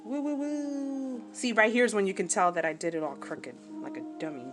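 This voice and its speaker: This fast-talking New Jersey woman in her forties has a fairly low voice with lively intonation. While she sews for her crafting vlog, she chats self-mockingly and strays into side anecdotes, backed by music.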